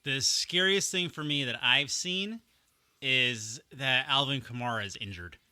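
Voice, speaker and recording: A man co-hosting a casual podcast, animated and quick to laugh, at a desk mic in a home studio. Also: mid-range voice, smooth. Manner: animated, laughs often, enthusiastic. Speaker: podcast co-host.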